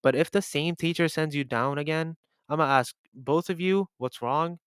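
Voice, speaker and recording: A man's voice: a little high, normal speed, clear, resonant tone, dry recording, clean studio sound, natural voice. A young man voicing a disappointed male school principal while telling a story, speaking in a weary tone.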